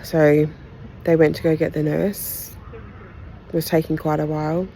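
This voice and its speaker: Woman from australia, podcast host, personal storytelling, mellow dark tone, unhurried, candid, heartfelt. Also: sits low, little pitch movement, gravelly, slight background noise, rough recording. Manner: halting, pauses between phrases.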